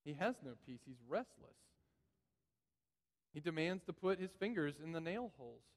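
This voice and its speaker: A man's voice: on the high side, sing-song, normal speed. Earnest preacher man in a reverberant church. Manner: earnest, repeats phrases for emphasis. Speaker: pastor. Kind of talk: sermon. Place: church sanctuary. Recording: long reverb of a church hall.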